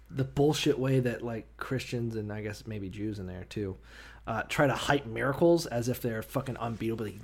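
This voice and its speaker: A man's voice: medium pitch, moderate pace, vocal fry. A man co-hosting a casual podcast, swearing freely and acting out the people in his stories. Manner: profane, acts out quoted voices. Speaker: podcast co-host. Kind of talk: casual irreverent chat.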